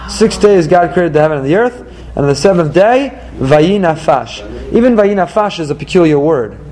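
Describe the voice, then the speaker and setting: Questioning male Torah teacher, high voice. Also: lively intonation, darkish tone, low-quality recording. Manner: probing, rapid-fire rhetorical questions. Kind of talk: text study class with students.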